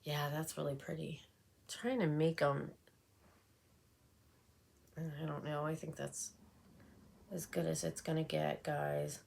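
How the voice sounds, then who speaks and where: Woman, low voice, vocal fry, chatty makeup tutorial, rambling with fillers. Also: steady tone, slow, pauses often, a little mellow. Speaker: beauty vlogger. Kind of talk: casual makeup tutorial chat.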